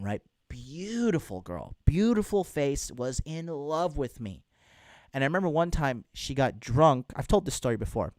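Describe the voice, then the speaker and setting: Blunt, lively-voiced dating coach man. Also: mid-range voice, no echo, clean studio sound. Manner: blunt, crude, addresses viewers as bro and man. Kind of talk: casual livestream talk reading chat.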